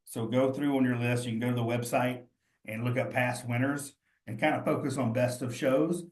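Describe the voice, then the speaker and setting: A man's voice: medium pitch, fairly even intonation, moderate pace. Man, exam tutor, casual think-aloud, encouraging, echoey room. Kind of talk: study session walkthrough.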